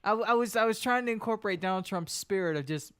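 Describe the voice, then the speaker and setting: High, smooth-voiced podcast regular. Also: male voice, fast, fairly bright tone, no echo, studio quality. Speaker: podcast co-host. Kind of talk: casual chat.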